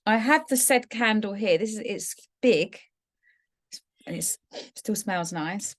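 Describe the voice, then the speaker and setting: A woman's voice: medium pitch, slow. A middle-aged woman from England, co-hosting a podcast and telling a personal story in a casual, heartfelt way that turns emotional. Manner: warm storytelling, gets emotional. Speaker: podcast co-host. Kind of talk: casual chat.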